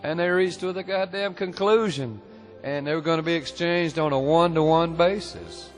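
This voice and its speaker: A man's voice: fairly high pitch, moderate pace, faint music behind. A man telling a historical tale as a profane, folksy storyteller, full of swearing and colloquial talk.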